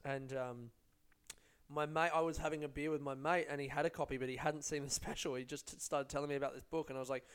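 A man's voice: mid-range voice, steady tone, quick pace, smooth. A young man, a comedian, chatting casually and telling rambling, profane stories. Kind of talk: casual vlog chat.

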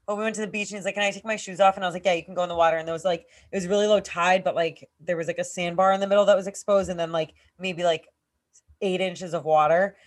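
A woman's voice: lowish voice, fast talker. Young woman, podcast co-host, casual storyteller with a salty mouth. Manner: swears freely, lively storytelling. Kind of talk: casual chat.

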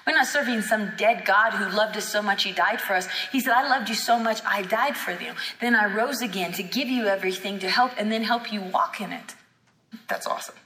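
A woman's voice: medium pitch, a little fast, sharp tone. A woman teaching a sermon at a healing school, fervent and emphatic, acting out bits of dialogue as she goes. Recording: echoey hall with long reverb.

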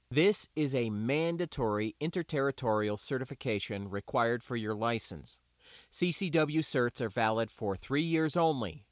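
A man reading an audiobook and voicing a round, easygoing male weapons instructor who lectures in a relaxed, explanatory way. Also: medium pitch, no room sound, studio quality, lightly acted. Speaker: teacher. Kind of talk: audiobook character voice.

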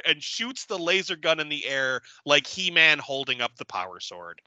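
A man's voice: a little high, animated, moderate pace, pushed and bright, no room sound, lo-fi sound. A man hosting a casual podcast, recapping a movie with profanity and acting out the characters' lines. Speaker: podcast host.

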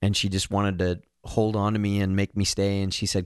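A man co-hosting a casual book podcast speaks earnestly and emotionally, reading a passage aloud and adding self-deprecating asides. His low-pitched, darkish voice stays fairly even as he talks fast with hardly any pauses. The audio is studio quality with no room sound.

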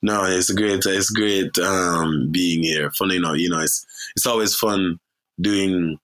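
A man, a filmmaker guest in a relaxed interview, telling stories with lively swings in pitch and many restarts. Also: a little slow.

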